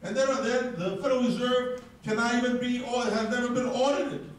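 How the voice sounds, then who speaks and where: A man's voice: very high voice, fairly even intonation, fairly quick. A man giving a combative, profane, ranting speech to a live audience at an event. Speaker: speaker at a crypto event. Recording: very echoey, distant mic in a hall.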